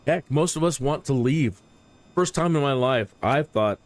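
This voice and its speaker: Man, streamer, casual rambling commentary, opinionated, mid-pitched voice. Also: lively intonation, a little slow, no echo. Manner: rambling, opinionated, repeats words. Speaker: flight sim streamer.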